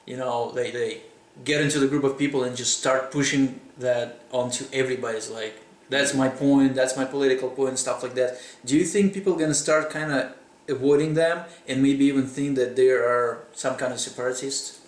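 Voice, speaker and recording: A man whose first language is Russian puts casual questions to a guest in English, stopping and restarting as he searches for words. His voice sits at an ordinary middle pitch. The room around him gives a noticeably echoey sound. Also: far from the mic. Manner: halting, rephrases questions with many fillers. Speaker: interviewer. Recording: roomy echo.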